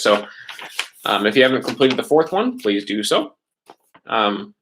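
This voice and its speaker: Over a webcast, a man teaches a Spanish class in a relaxed, chatty manner, checking in with his students often. His mid-range voice sounds fairly bright, with a slight hiss or hum in the background.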